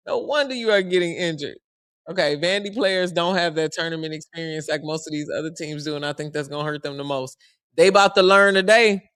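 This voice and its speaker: A man's voice: on the high side, smooth, no echo, clean studio sound. A young man giving casual, joking live commentary on a basketball game. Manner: animated, joking, slangy and conversational. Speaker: sports commentary streamer.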